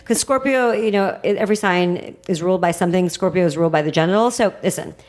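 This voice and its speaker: A woman astrologer guesting on a podcast, chatty and animated, talking casually with plenty of fillers. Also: on the low side, fast talker.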